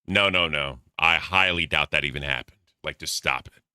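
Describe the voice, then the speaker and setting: Deep-voiced sarcastic male streamer. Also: normal speed, pushed and bright, a little hiss or hum. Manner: sarcastic, profane, mocking; addresses chat as bro. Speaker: streamer reacting to clips. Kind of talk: reaction commentary.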